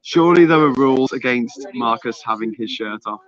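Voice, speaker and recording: A man with a mid-range voice, talking a little fast, co-hosts a live stream, teasing his co-host and reading super chats in jokey, animated banter. Crowd noise is audible, and the stream audio is slightly dull and lo-fi.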